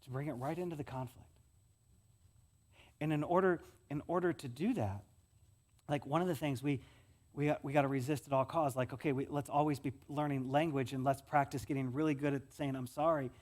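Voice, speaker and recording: A male pastor with a West Michigan accent, preaching a sermon in a conversational way, often repeating words and moving between loud stretches and soft ones. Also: mid-range voice, fairly even intonation, a little fast.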